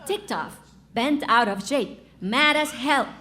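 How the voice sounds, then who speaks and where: A woman's voice: a little high, animated, takes it slowly, pushed and bright, heavily acted. A woman voicing a chipper female voice-assistant gadget in a live comedy sketch, answering literally.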